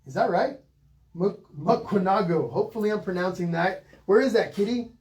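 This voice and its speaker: A middle-aged man guides viewers through a live online painting class. He talks in a relaxed, chatty way and stops to greet viewers by reading their comments. His voice sits a little higher than most men's. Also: moderate pace. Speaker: painting instructor.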